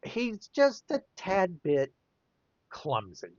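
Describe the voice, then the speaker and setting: A man spins a casual anecdote while he works on a drawing, chuckling as he goes. He talks slowly, and his pitch leaps high and drops low. The sound is dry and a bit dull, like a muffled home recording. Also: dry recording. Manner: chuckles often, lively rise and fall. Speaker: artist and storyteller.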